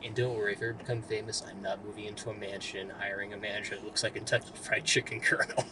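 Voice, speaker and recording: A man's voice: fairly low pitch, level tone, very fast, noisy background. A man co-hosting a casual movie review chat, playful and joking. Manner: joking, playful, drifts into sing-song bits.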